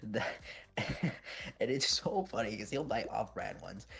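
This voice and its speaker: Animated teen guy chatting while gaming. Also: on the low side, a little slow, gravelly, husky. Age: teens. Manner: animated, swearing, trailing off into laughs. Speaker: streamer. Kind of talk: casual chat while gaming.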